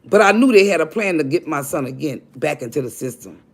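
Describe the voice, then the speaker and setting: This is an older woman hosting a live stream, telling her own story to the people watching. Her voice is gravelly and rough-edged, and she talks bluntly and swears freely. She keeps speaking directly to her audience as she goes. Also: low-pitched, lively intonation, a little fast. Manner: blunt, profane, addresses viewers directly as y'all. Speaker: livestream host.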